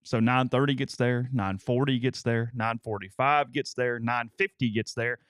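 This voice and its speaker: A man's voice: mid-range voice, steady tone, normal speed, fairly bright tone, smooth, no room sound, studio quality. A male co-host in a casual chat, telling long stories and stammering on repeated words.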